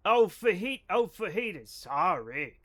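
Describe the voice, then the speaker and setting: Young male streamer with a high, sharp voice who is chatty and profane and riffs on chat. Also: sing-song, measured pace. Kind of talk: casual live-stream chat while gaming.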